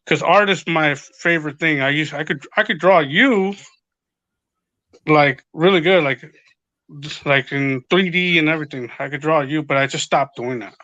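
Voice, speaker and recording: A man's voice: fairly high pitch, moderate pace, pushed and bright, dry recording, highs cut off. A man in casual podcast chat, rambling and swearing as he retells what others said. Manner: rambling, profane, retells quotes. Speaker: podcast guest.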